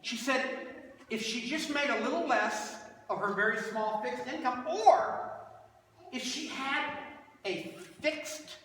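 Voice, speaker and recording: A man's voice: very high-pitched, slow pace, a bit bright, slight background noise. A man preaching a storytelling sermon, animatedly acting out both sides of a phone call. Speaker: guest preacher. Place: large church sanctuary. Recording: echoey hall from far off.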